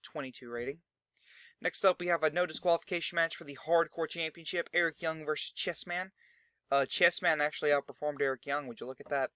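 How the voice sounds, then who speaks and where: A young man narrates his game session in loose, rambling chat, cursing casually as he goes. His voice sits a touch high. The sound is close and completely dry. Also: fairly even intonation, a little fast, sharp tone, clear, resonant tone, no echo. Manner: rambling, chatty, swears freely. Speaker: gaming channel host. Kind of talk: casual let's-play commentary.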